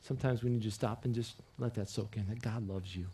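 A man preaching a sermon as a pastor, earnest and repeating key phrases as he leads the congregation in call-and-response, swinging between loud emphatic lines and quiet personal appeals. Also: on the low side, steady tone, a little fast, a little hiss or hum.

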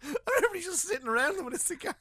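A man's voice: extremely high pitch, very fast, dry recording, clean studio sound. An Irish man, a comedian, telling funny stories in a casual interview, laughing often and acting out the people in his stories. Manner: animated storyteller, laughs often, acts out voices. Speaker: comedian guest.

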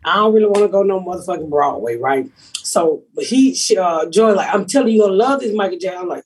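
A middle-aged woman with a very rough, raspy voice. She talks in a brash, profane way and acts out the people in her stories with loud, lively quotes. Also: lowish voice, fast talker. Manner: brash, profane storytelling with big animated quotes. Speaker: comedian and podcast host. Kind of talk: casual chat.

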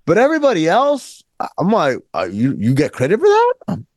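A man co-hosting a casual sports talk show, emphatic and animated, often mimicking other voices. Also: high voice, a little fast. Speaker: podcast co-host.

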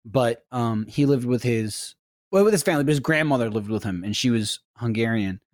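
A man's voice: medium pitch, expressive, a little fast, dry recording, clean studio sound. A man co-hosting a podcast, telling stories in a rambling, casual way with lots of fillers. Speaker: podcast co-host. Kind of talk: casual chat.

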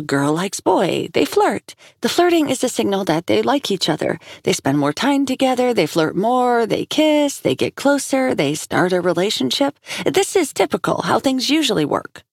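A woman's voice: mid-range voice, darkish tone, no room sound, studio quality, voice pushed up. A woman voicing a frustrated young woman who speaks bluntly and heatedly. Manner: heated, rising voice.

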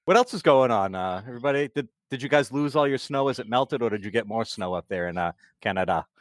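A man hosting a casual podcast, animated and quick with laughing asides. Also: medium pitch, dry recording, studio quality. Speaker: podcast host. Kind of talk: casual chat.

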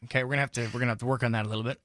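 A man's voice: medium pitch, fairly even intonation, very fast, a bit bright, no room sound, studio quality. A man co-hosting a morning radio show, playful and coaxing as he teases his partner. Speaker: radio co-host. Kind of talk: casual morning radio banter.

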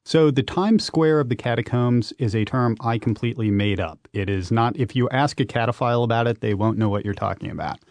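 Male interview guest, mid pitch, dry close sound, lively emphatic storyteller. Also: fairly quick, few pauses, dry recording. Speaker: guest, urban explorer and author. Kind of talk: radio interview.

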